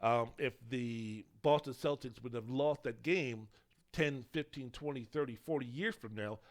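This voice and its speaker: A man's voice: medium pitch, unhurried. A man hosting a solo sports podcast, talking in a rambling, opinionated way and swearing casually. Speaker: podcast host.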